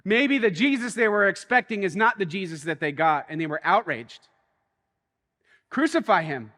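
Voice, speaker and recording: High, bright-voiced male pastor in a hall. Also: brisk. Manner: storytelling, animated, swings between quiet and excited. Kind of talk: sermon. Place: church.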